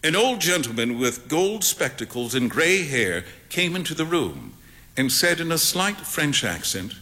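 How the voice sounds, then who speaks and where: Lively, bright-voiced male story reader. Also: on the high side, unhurried. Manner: expressive, varied. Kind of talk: dramatic story reading.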